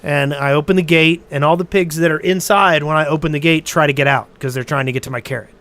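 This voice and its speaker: A man's voice, somewhat high and notably smooth and resonant, co-hosting a podcast. He tells a story in casual chat and rambles with frequent restarts. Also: steady tone, fast talker, a bit bright.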